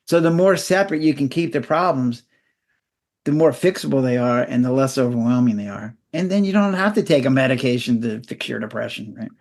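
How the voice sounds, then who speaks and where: A man in his sixties, a physician guest in an interview, explaining in a lively way and acting out little scenes in a raised voice. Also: medium pitch, a little fast. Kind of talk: conversational interview.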